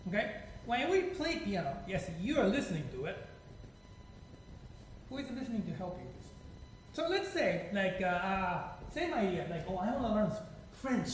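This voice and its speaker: Chatty accented man, distant and echoey. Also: high voice. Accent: non-native English accent. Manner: chatty, digressive, asks rhetorical questions. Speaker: piano teacher hosting a masterclass. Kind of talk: spoken piano masterclass. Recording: distant mic in an echoey room with noise.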